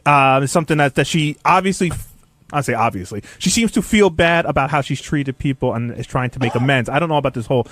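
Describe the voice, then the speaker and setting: A radio show staffer recounting an anecdote in casual studio chat, with easy filler pauses. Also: male voice, mid-range voice, expressive, a bit bright, no room sound.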